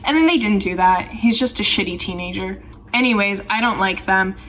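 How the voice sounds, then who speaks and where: A woman's voice: mid-range voice, brisk, fairly bright tone, far from the mic. Chatty young woman, a bit off-mic. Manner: chatty, rambling, heavy use of "like", sarcastic asides. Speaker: film commentary YouTuber. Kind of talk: casual film review commentary.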